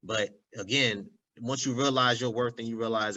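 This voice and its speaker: Young dude rapid-fire chatting, slangy, low voice but bright and punchy. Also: male voice, poor audio. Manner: animated, slangy, repeats "you know what I'm saying". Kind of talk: casual chat.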